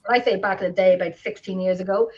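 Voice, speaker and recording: A woman's voice: mid-range voice, fairly even intonation, fast talker, muffled recording. An Irish woman co-hosting a live video podcast, talking casually and rambling with many restarts. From Ireland. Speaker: podcast co-host. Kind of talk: casual chat. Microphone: video call.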